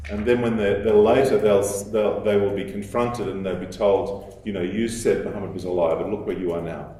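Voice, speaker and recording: A man giving a lecture in a measured, explanatory way, with fillers and restarts as he thinks aloud. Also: lowish voice, steady tone, dark tone. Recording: echoey hall, voice from a distance.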